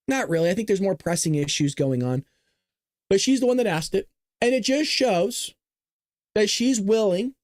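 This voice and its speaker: Casual male commentary host, animated and chatty, dry close sound, swings his pitch a lot. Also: no room sound. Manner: animated, laughs often, repeats himself. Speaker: show host. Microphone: webcam.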